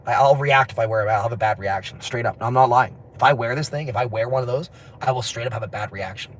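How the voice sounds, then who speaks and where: A man's voice: medium pitch, fast talker. A man livestreams from a phone out on the street, rambling from one thought to the next. He laughs often and swears casually. Faint street noise sits under his voice. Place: outdoors on city streets.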